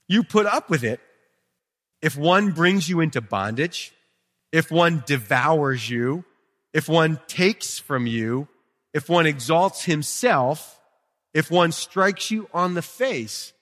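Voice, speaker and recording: A male pastor preaching a sermon in a church, chatting with the congregation, swinging from quiet asides to emphatic peaks. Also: a little high, expressive, a little slow. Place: church sanctuary. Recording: long reverb of a hall.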